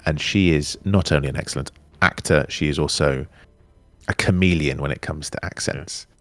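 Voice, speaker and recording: A man in his thirties with an English RP accent, chatting candidly as an interview guest, animated and full of restarts. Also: extremely low pitch, moderate pace, no echo. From England. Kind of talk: casual chat.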